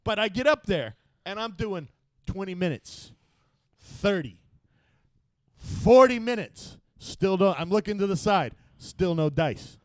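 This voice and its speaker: A man hosting a podcast, telling a profane story loudly and acting out other people's voices. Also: sits high, lively intonation, measured pace, no room sound. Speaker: podcast host. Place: podcast studio.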